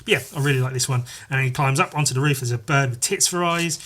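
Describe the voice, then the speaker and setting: Man, podcast host, comic artist, rambling casual chat, bright tone. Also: mid-range voice, quick pace. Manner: rambling, playful, sweary. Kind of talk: casual walkthrough of his comic pages.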